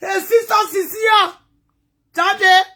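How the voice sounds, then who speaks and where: Liberian English woman, very high voice, emotional story vlog, hushed then loud. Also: slow. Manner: animated, swinging between hushed asides and loud outbursts. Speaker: vlogger.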